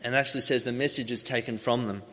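A man's voice: mid-range voice, steady tone, fast talker, fairly bright tone. A man preaching a sermon, telling a story with animation and acting out voices as he goes. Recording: long hall reverb.

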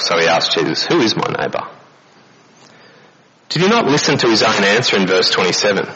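Man preaching, lo-fi recording. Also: deep voice. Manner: animated storytelling with rhetorical questions. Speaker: pastor. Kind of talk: sermon. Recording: dull lo-fi recording with noise.

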